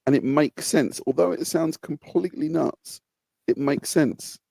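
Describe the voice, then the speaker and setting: A man guesting on a detailing podcast, talking in a casual, animated and self-mocking way. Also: on the high side, unhurried, gravelly, no echo.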